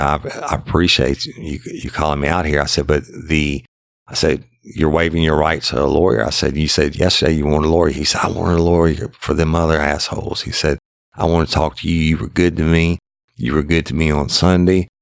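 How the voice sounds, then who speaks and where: A man's voice: rumbling low, gravelly, dry recording, clean studio sound. A middle-aged man, casually telling a true crime story and voicing the people in it. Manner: drawling, conversational, voices the people in the story.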